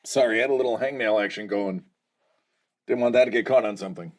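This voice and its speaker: A man's voice: fairly low pitch, quick pace, a little hiss or hum. An American man hosting a livestream, chatting casually and jokingly with his viewers and calling them by name. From United States. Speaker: livestream host.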